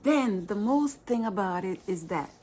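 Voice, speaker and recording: A woman with a Jamaican accent telling her own life story in a personal vlog, plain-spoken and unhurried, often dropping into a breathy whisper. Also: medium pitch, expressive, a little mellow.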